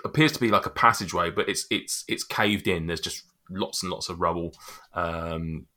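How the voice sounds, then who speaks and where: A man's voice: deep voice, moderate pace, bright, forceful tone. A man running a tabletop game as game master, describing scenes with many ums and restarts. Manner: rambling, hesitant descriptions full of ums.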